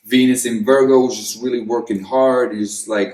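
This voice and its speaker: A man's voice: medium pitch, fairly even intonation, moderate pace, darkish tone. A man giving a casual astrology forecast, rambling loosely and swearing freely. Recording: echoey room, mic at a distance.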